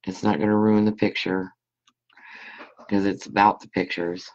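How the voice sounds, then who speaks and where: A woman's voice: a bass voice, level tone, normal speed, a little mellow. A woman hosting a casual live scrapbooking stream at home, chatting with viewers while she works. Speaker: scrapbooking host. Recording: dull lo-fi sound.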